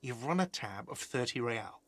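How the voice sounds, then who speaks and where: Irritable hostel manager, sarcastic, curt, dry recording. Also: male voice, medium pitch, expressive, moderate pace, fairly bright tone, no echo. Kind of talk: game voice acting.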